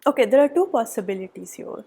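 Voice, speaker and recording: A woman giving a tarot reading, gushing and excitable, often dropping to a soft whisper, a little out of breath. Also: a little high, quick pace, husky. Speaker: tarot reader. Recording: background noise.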